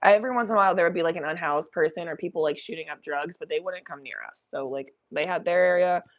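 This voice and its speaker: A young adult woman hosting a podcast, telling a story in an animated, profane, laughing way. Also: fairly low pitch, quick pace. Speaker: podcast host. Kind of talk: casual storytelling.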